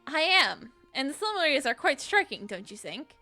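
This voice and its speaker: A calm, courteous gentleman professor, read by a woman in a bright, clear tone. He speaks formally and evenly, polite and measured as a puzzle-game hero. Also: high-pitched, faint music behind, heavily acted.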